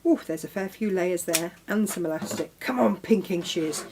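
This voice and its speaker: A woman's voice: on the low side, moderate pace, a little mellow, a little hiss or hum. Chatty woman hosting a sewing demo. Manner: chatty, talks to her tools, exclaims often. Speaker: crafting show host. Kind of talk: live sewing demonstration and casual chat.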